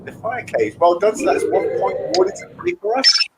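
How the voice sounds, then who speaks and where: A man's voice: high-pitched, wildly swooping pitch, moderate pace, heavy background noise. A man hosting a casual online quiz, reading out the rules and questions with joking asides. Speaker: quiz host.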